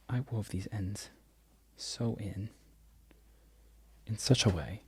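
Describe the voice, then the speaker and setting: A man in a whispered ASMR ramble who loses his train of thought and laughs softly at himself. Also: lowish voice, slow, creaky, long pauses, husky, dry recording. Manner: mostly unvoiced whisper. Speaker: crochet content creator.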